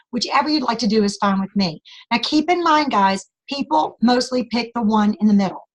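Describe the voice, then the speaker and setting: A woman giving a sales training talk, calmly walking the listeners through her script step by step. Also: on the high side, brisk, few pauses, rough recording.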